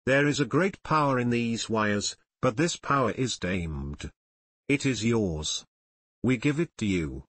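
A man voicing an earnest, pleading young male outcast inventor in an audiobook, with a husky voice. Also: mid-range voice, lively intonation, a little slow, a bit bright, dry recording.

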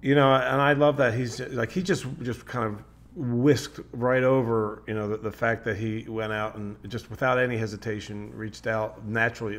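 Low-voiced upbeat male podcast host. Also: level tone, normal speed, fairly bright tone. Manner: upbeat, loose, laughs often, slangy. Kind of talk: casual interview chat.

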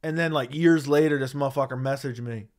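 A man's voice: mid-range voice, a little fast. A man hosting an MMA livestream, ranting in a heated, profane, emphatic way into a studio mic. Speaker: MMA commentary host. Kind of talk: livestream rant. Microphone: studio dynamic mic.

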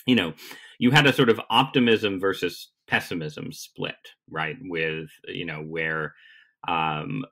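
A man's voice: deep voice, measured pace, vocal fry, sharp tone. A man being interviewed as a guest columnist, talking casually with wry, self-deprecating humor.

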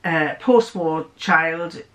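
An older woman from the north of England, with a Northern English accent, chats in a casual storytelling sewing vlog, rambling into anecdotes with frequent restarts and acted-out quotes. Her voice is low-pitched and a bit bright, and she draws out her words.

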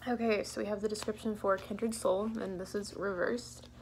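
Gravelly-voiced young woman reading tarot. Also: mid-range voice, steady tone, normal speed, darkish tone, a little hiss or hum. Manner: laid-back, giggly, thinks aloud with fillers. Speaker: tarot reader. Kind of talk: casual pick-a-card tarot reading.

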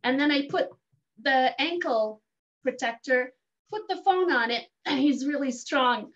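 Animated storyteller, woman, laughs easily, muffled lo-fi audio. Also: sits high, moderate pace. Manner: animated, laughs often, restarts lines. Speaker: guest sharing a story. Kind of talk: casual storytelling. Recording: dull lo-fi sound.

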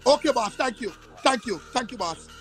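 A Guyanese man on a live stream, excitable and pleading, repeating his question and thanks. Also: very high voice, normal speed, faint music behind. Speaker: livestreamer asking a question. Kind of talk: live-stream phone call.

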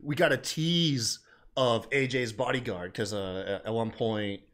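A man's voice: mid-range voice, unhurried, fairly bright tone. A man co-hosting a casual wrestling recap podcast, laid-back and jokey, slipping into quoted voices. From American South. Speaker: podcast co-host.

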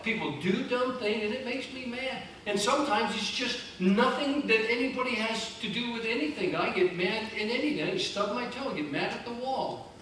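A man's voice: very high voice, normal speed, a bit bright. A man preaching a sermon as pastor, in a conversational, emphatic style with repeated phrases. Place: church sanctuary. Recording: very echoey church from a distance, faint noise.

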